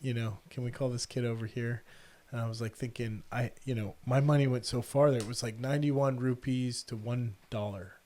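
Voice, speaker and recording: A man's voice: medium pitch, brisk. A middle-aged man hosting a podcast, telling a story casually and acting out the people in it. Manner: animated, quotes people in the story. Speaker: podcast host.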